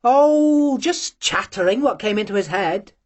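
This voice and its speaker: An audiobook reader voicing a lively, teasing young Cossack girl who gushes and presses her friend with eager questions. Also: mid-range voice, a little slow. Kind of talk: audiobook character voice.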